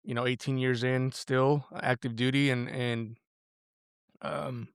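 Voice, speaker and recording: A man's voice: mid-range voice, little pitch movement, takes it slowly, smooth, no room sound, studio quality. A man in his forties, a podcast guest talking earnestly and casually about raising daughters, with lots of "like" and "right?". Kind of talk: casual conversation.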